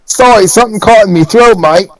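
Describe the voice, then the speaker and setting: A man's voice: sits high, fairly quick, no room sound, voice pushed up, lightly acted, rough recording. A man playing a human warrior who clumsily fakes a goblin's voice. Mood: sly. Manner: clumsy mock Cockney put-on.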